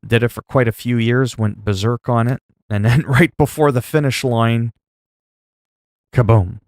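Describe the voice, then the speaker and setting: A man casually chatting with his stream audience, rambling with many fillers, and getting louder when he reacts in disgust. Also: steady tone, unhurried, dry recording, studio quality. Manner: gets loud and higher when reacting in disgust. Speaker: livestreamer.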